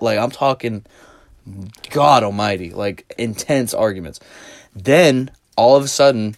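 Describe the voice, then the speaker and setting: A man's voice: fairly low pitch, a little slow, dry recording, clean studio sound. A man hosting a podcast, telling a rambling, profanity-laced story in a casual, amused way. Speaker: podcast host.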